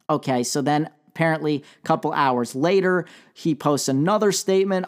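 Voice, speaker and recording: A man's voice: on the high side, normal speed, hardly any pauses. A man hosting a solo sports talk show, talking casually with fillers and dry sarcasm.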